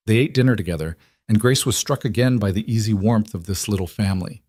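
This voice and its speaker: A man reading a scripted story aloud as narrator, in an even storytelling voice. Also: lowish voice, fast talker, hardly any pauses, dry recording, clean studio sound.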